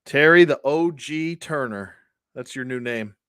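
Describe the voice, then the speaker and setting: A man's voice: medium pitch, a little slow, fairly bright tone, clear, resonant tone. Rambling, chatty man hosting a toy livestream. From Buffalo, New York area. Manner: rambling, chatty, laughs often, greets viewers. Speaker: toy collector livestream host. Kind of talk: casual livestream chat.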